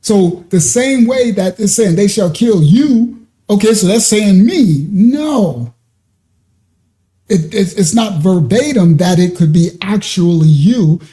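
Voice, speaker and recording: Preaching man with a high voice, dark tone, emphatic, conversational, repeats himself, Bible-study sermon. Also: lively intonation, slow.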